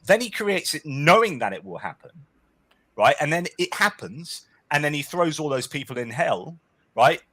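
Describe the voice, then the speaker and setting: Animated man arguing, lively pitch. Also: normal speed. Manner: animated, argumentative, keeps checking in with "right?". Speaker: guest author. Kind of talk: casual discussion.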